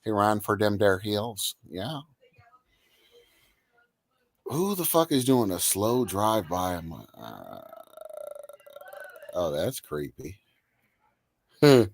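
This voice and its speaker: A man's voice: on the low side, sing-song, takes it slowly, creaky, pauses often. A man co-hosting a podcast in casual chat, joking crudely with a drawl. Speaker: podcast co-host.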